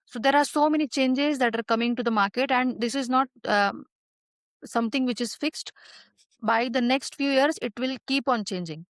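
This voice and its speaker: A woman's voice: on the high side, moderate pace, no room sound. A woman guest expert answering interview questions in a hesitant way, with many fillers and restarts.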